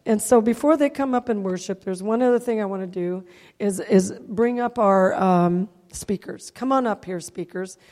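A woman's voice: mid-range voice, moderate pace, darkish tone, long reverb tail. A woman preaching a sermon, emotional and heartfelt, often calling out "Amen?" to the congregation. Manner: emotional, calls out "Amen?" to the crowd.

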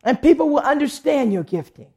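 A woman's voice: high voice, animated, fairly quick, mellow. A woman pastor preaching a sermon, telling a testimony and acting out the voices of people she quotes. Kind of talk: sermon with storytelling.

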